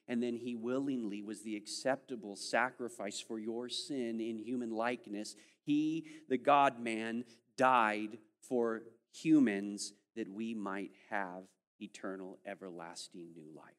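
A man preaching a sermon as pastor, animated, acting out the voices of his listeners and swinging between loud, pressing moments and hushed, slow ones. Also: mid-range voice, in a large hall.

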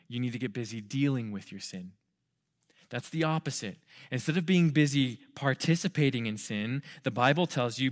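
Young male youth pastor, higher voice, urgent and conversational with playful asides. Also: a bit bright. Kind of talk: sermon.

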